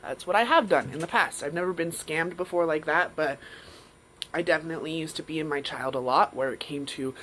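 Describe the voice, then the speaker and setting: A woman's voice: deep voice, a little fast, fairly bright tone, slight background noise, rough recording. A woman hosting a live stream, talking frankly and casually with some swearing and acting out her own inner voices. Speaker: live show host. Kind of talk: candid live-stream monologue.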